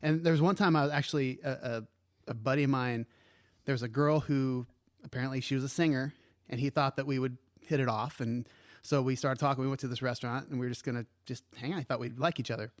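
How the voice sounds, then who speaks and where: A man's voice: mid-range voice, fairly even intonation, fast talker, no room sound, studio quality. A man co-hosting a casual movie podcast, ranting emphatically and swearing freely. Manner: emphatic, swears a lot, rants. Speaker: podcast co-host.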